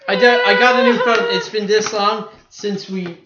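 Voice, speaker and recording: A man's voice: high-pitched, fairly even intonation, moderate pace, heavy background noise. A man co-hosting a podcast in casual chat, sardonic and swearing a lot. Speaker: podcast co-host. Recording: lo-fi roomy podcast recording.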